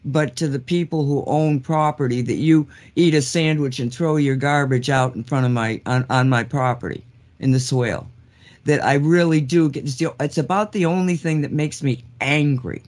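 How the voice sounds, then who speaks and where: A man's voice: a little high, steady tone, normal speed, darkish tone. A man co-hosting a casual show, speaking earnestly and candidly, chuckling at his own remarks. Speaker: co-host. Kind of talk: casual call-in show chat.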